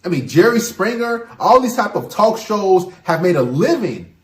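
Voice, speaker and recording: Brief: a higher-voiced man lecturing to camera, lively and insistent, in an echoey room. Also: moderate pace. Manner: emphatic, preachy advice-giving. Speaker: channel host. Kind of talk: opinion monologue to camera.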